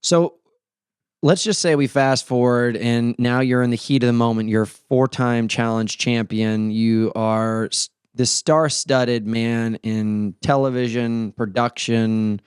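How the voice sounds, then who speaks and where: A man's voice: medium pitch, fairly even intonation, unhurried, smooth, dry recording, clean studio sound. A male podcast host talking casually and earnestly, blunt and swearing now and then.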